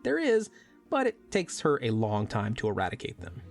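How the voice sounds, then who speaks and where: Male podcast host, mid-pitched, measured and wry scripted narration, faint music underneath. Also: huge pitch swings, gravelly.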